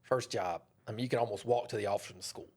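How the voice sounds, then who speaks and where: A man, a dentist guest on an interview show, telling a story in a casual, animated way. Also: on the low side, rapid-fire, husky. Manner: animated, acts out others' voices.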